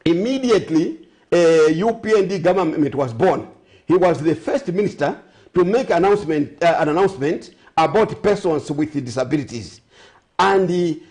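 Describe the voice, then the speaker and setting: High-voiced Zambian man, rambling aside-filled talk. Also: a little mellow. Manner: rambling, self-correcting, sarcastic asides. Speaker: guest. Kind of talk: studio talk show discussion.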